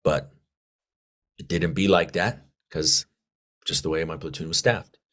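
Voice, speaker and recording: A man, a Marine veteran guest, telling stories in a casual interview, profane and animated, acting out quoted dialogue. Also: rumbling low, measured pace.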